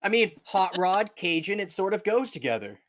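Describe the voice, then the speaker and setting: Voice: medium pitch, sing-song, normal speed, dry recording, clean studio sound. A livestream host asking playful questions and laughing along with the guests. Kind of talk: casual livestream chat.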